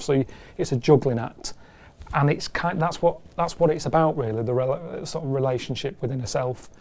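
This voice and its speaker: Gravelly, dark-voiced deadpan man. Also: mid-range voice. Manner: self-deprecating, deadpan musings. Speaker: interviewee. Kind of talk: rambling casual chat.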